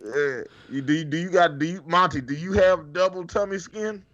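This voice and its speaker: Male podcast co-host, slightly high voice, mock-serious comic riffs. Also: moderate pace, a bit bright, lo-fi sound. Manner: joking, mock-earnest riffing. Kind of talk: casual podcast banter.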